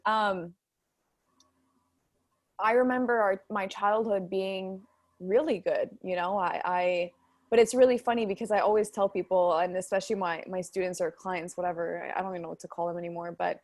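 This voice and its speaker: A woman's voice: mid-range voice, steady tone, normal speed, darkish tone, no echo. Young woman podcaster, dry close sound. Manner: rambling, many fillers and restarts. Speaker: podcast host. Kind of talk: casual podcast chat.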